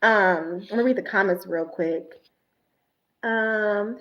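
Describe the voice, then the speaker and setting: A woman, an esthetician, chatting on a casual livestream and telling stories in a blunt, animated way. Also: medium pitch, slow, roomy sound, very noisy.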